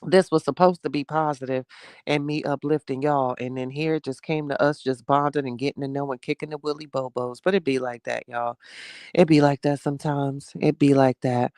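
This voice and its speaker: A man from New Jersey chatting heartfelt and casual on a home live stream, reading out his chat and breaking into loud exclamations. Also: a little high, steady tone, moderate pace, smooth, dry recording.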